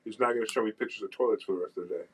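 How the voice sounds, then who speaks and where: A man's voice: on the low side, rapid-fire, husky, poor audio. A man on a radio talk show, wisecracking and poking fun at himself in casual banter. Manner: wisecracking, self-mocking.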